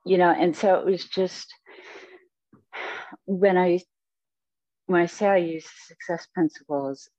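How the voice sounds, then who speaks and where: A woman's voice: on the low side, fairly even intonation, takes it slowly, long pauses, mellow, no room sound. A woman guest speaking in an interview, telling her life story in a reflective, rambling way with many fillers. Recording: dull, dry sound.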